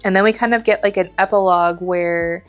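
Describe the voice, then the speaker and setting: A woman's voice: mid-range voice, fairly even intonation, brisk, faint music behind. Chatty woman retelling a story. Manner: chatty retelling with acted quotes and swearing. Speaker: podcast co-host. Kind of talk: casual book discussion.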